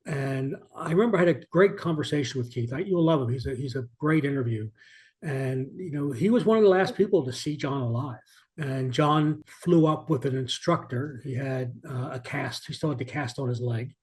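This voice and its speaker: A man's voice: mid-range voice, moderate pace, darkish tone. A man who is an author, telling an earnest, reflective story as an interview guest, often restarting his sentences. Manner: earnest, many restarts, varied emphasis.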